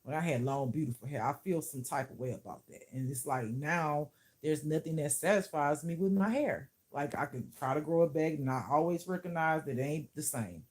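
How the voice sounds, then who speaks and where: A woman's voice: low-pitched, a little fast, darkish tone. A woman who teaches spirituality, talking to camera in a casual vlog, blunt and profane, often laughing.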